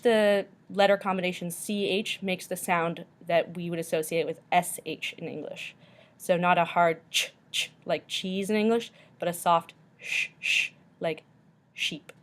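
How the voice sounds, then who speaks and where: A woman teacher slowly walking through a pronunciation lesson, repeating each word carefully. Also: on the low side, steady tone.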